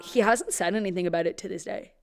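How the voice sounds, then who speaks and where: A woman's voice: mid-range voice, fast talker. A young Irish woman co-hosting a podcast, chatting casually, gossiping and swearing freely. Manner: gossipy, swears freely, reads tweets aloud. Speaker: podcast co-host. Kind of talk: casual chat.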